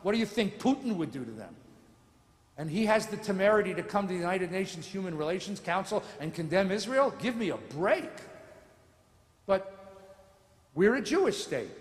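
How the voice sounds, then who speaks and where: A man, a rabbi, giving a lecture in a large synagogue sanctuary, telling stories with wry asides. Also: high-pitched. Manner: animated, sardonic storytelling with mock voices. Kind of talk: lecture with humor. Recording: echoey sanctuary with long reverb.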